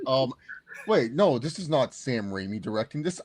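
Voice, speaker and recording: A man chatting casually as a podcast co-host, excitable and animated as he reviews a movie. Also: a little high, fast. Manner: excitable, animated, acts out quotes.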